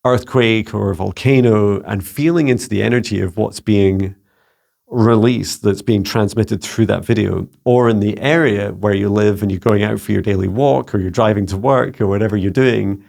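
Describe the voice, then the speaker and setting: A Scottish man with a low, gravelly voice gives casual spiritual guidance. He muses aloud and searches for his words, leaning on small fillers as he goes. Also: fairly even intonation, moderate pace, darkish tone. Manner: musing, searching, full of "you know" and "um". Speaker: psychic mentor, channel host.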